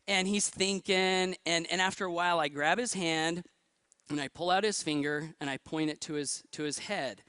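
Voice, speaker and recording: A man in his thirties giving a motivational stage talk, energetic and firing questions at the audience. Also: fairly high pitch, normal speed, clear, resonant tone, no echo. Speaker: motivational speaker.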